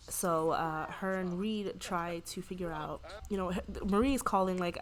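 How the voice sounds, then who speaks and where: A woman narrating her game as a casual story, quoting the characters in quick voices and sometimes breaking into excited shrieks. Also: lowish voice, a little hiss or hum. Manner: chatty, retells scenes with quick quoted voices, bursts into excited shrieks. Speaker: gameplay narrator. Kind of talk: casual let's-play storytelling.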